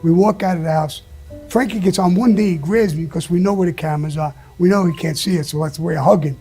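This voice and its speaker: A man's voice: high voice, quick pace, dark tone, breathy edge, soft background music. A man being interviewed, telling blunt, profane stories with lots of emphasis and the odd laugh. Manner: blunt, emphatic, swears often, laughs mid-story. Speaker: interview guest. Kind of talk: profane storytelling.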